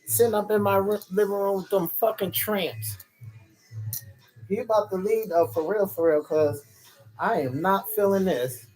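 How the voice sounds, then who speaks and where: A man streams from his bed into a phone, rambling and cursing in annoyance while calling his viewers sweetheart. His voice sits a little high for a man. Faint music plays somewhere else in the house. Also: moderate pace, a little mellow, poor audio. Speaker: live streamer chatting with viewers. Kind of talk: casual rambling live stream. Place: in bed at home under a cover. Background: faint music from another room.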